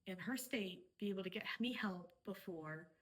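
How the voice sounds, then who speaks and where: A woman's voice: medium pitch, moderate pace, breathy edge. A woman, an interview guest, telling a story in a casual, rambling way with many "like" asides.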